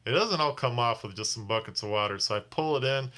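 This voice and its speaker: Tired man rambling, bright voice. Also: mid-range voice, fast talker. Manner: rambling, restarts sentences often. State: tired from little sleep. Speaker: rideshare driver. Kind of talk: casual vlog storytelling.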